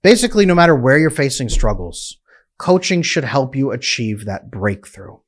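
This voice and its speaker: A man's voice: mid-range voice, big pitch swings, normal speed. Emphatic man coaching his audience. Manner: emphatic, direct, persuasive. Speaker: relationship coach. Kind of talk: direct-to-camera monologue.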